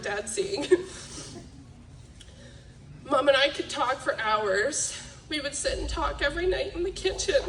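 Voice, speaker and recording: A woman's voice: a little high, a bit bright, a little hiss or hum. A young woman reading a eulogy for her parents at a memorial, emotional and laughing through tears. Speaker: daughter giving a eulogy. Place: memorial gathering hall. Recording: echoey room, mic from a distance.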